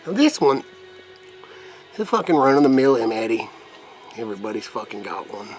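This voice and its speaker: A man's voice: medium pitch, sing-song, brisk, music in the background. A man reviewing vape mods in a rambling, profane vlog, putting on a crude redneck persona. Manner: put-on rough redneck persona. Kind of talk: casual product demo vlog.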